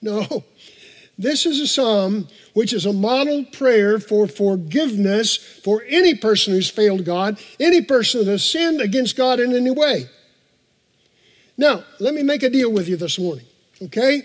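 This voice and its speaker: A man's voice: high voice, animated, normal speed. A male pastor preaching a morning sermon in a church, earnest and emphatic, repeating key phrases and turning aside to talk casually with the congregation. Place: church sanctuary. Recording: long reverb of a large church hall.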